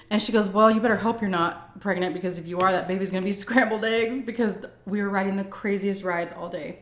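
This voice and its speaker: A woman's voice: mid-range voice, steady tone, fairly quick. A woman vlogger telling a personal story in a casual, chatty way, with many "like" and "um" fillers. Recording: echoey room.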